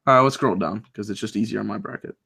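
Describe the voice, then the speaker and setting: A man's voice: fairly low pitch, fast talker, vocal fry, sharp tone, slightly rough. A young man co-hosting a casual sports chat over a video call, upbeat as he talks through his picks. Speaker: co-host making bracket picks.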